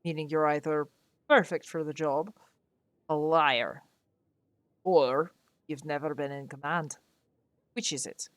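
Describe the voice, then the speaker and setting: A stern sea captain sizes up a new recruit with clipped, probing questions, as a woman puts him on. The voice stays low and dark, and the mock accent wobbles. It is dry and close, with no room sound. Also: steady tone, measured pace, long pauses, dry recording. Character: stern male ship captain interviewing recruits.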